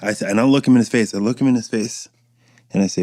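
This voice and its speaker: A man's voice: fairly low pitch, fast talker, warm tone, no room sound, studio quality. A man in his thirties, a podcast host, chatting in a casual, rambling and profane way and acting out voices he quotes. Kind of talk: casual chat.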